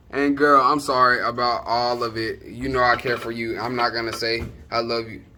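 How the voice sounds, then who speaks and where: A man's voice: medium pitch, pushed and bright, slight background noise, close to an everyday voice. A young man performing a comedic monologue as a cocky boyfriend stumbling through an apology, correcting himself as he goes. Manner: awkward, self-correcting, boastful. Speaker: student actor.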